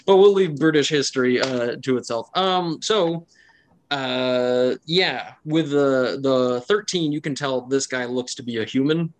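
A man runs a tabletop game as its game master, narrating the scene at an ordinary mid pitch. He talks in a chatty way, full of fillers, and laughs often. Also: a little slow.

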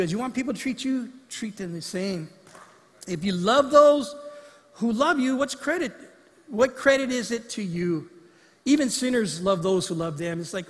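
A man with a high, husky voice preaches a sermon in a conversational way and slips in acted-out quotes. His voice carries through a church sanctuary with a long reverb of a large hall. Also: animated, normal speed. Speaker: pastor.

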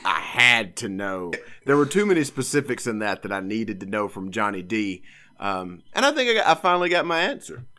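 Lively-voiced man chatting. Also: lowish voice, brisk. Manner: animated, joking. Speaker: podcast co-host. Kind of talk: casual chat.

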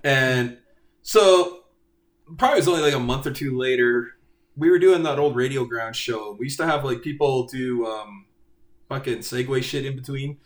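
A man's voice: medium pitch, normal speed, reverberant. A man hosting a casual group chat over an online call, laid-back, swearing and laughing often. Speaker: podcast host.

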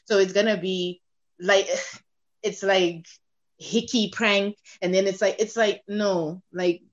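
A woman's voice: mid-range voice, takes it slowly, fairly bright tone. Skeptical woman, muffled. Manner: skeptical, sighing, filler-heavy. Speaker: podcast co-host. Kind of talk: casual chat. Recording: slightly muffled podcast audio.

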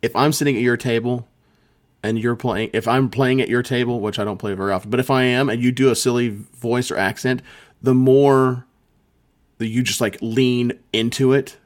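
A man's voice: mid-range voice, fairly even intonation, normal speed. Rambling, easygoing male podcast host. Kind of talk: casual chat about tabletop gaming.

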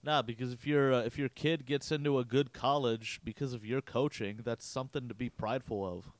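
A man's voice: mid-range voice, steady tone, fairly quick, no echo. A young man co-hosting a casual chat, telling a story in a loose, profane way. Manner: loose and profane, acts out quotes. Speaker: podcast co-host.

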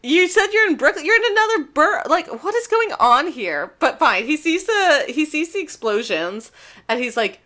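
A woman in casual chat recapping an anime with friends, animated and swearing freely, often restarting her sentences. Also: sits high, normal speed. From New York area.

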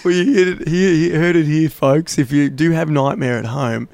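A man's voice: fairly high pitch, fairly even intonation, moderate pace, gravelly, a little mellow. A young Australian man hosting a podcast, laid-back and jokey, chatting casually and laughing often. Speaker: podcast host. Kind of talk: casual podcast outro and chat.

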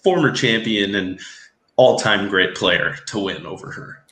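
A man's voice: lowish voice, unhurried. A man co-hosting a podcast, chatting casually and opinionatedly about a reality show and mocking quotes in a put-on voice. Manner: animated, opinionated, mocks quotes. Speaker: podcast co-host. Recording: echoey room.

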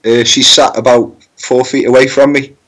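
A man with a husky, slightly rough voice at a middle pitch, chatting as a podcast guest. He delivers dry, profane remarks in a laid-back way. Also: flat delivery, moderate pace, fairly bright tone, rough recording. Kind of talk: casual podcast banter.

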